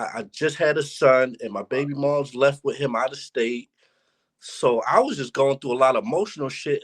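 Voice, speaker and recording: A young man in a casual interview, telling stories candidly and reflectively in street slang. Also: mid-range voice. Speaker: battle rapper, interview guest. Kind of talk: casual conversation.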